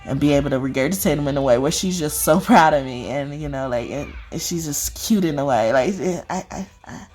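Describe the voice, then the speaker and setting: Brief: woman spiritual reader, low-pitched, meandering, fond, peppered with laughs. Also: a little fast, hardly any pauses, a little mellow, husky, faint music behind. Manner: rambling, heavy on fillers, laughs often. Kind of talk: casual chat to viewers.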